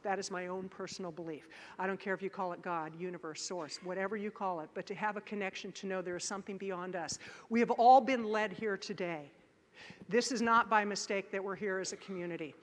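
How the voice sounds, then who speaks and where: Bright, animated woman keynote speaker. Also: mid-range voice, brisk. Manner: animated, acts out voices and shouts in her stories. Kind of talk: motivational keynote storytelling. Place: large conference hall. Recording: live conference hall with long reverb.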